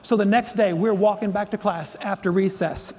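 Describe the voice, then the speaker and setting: Animated high-voiced male storyteller. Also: normal speed. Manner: animated, comic timing. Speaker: keynote speaker. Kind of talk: humorous storytelling. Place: conference hall stage. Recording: echoey hall.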